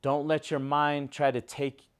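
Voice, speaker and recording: Slow, smooth-voiced male preacher. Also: fairly high pitch, flat delivery. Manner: emphatic, repetitive, asks the congregation questions. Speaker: pastor. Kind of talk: sermon.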